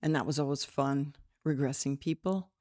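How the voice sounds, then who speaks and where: A middle-aged woman with a low voice talks through her spiritual podcast, chatty and rambling with giggly asides. She sounds a little tired. The sound is dry and close, with no room echo. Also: moderate pace, darkish tone. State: tired with slight headache. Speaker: podcast host and spiritual teacher. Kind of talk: casual spiritual podcast talk.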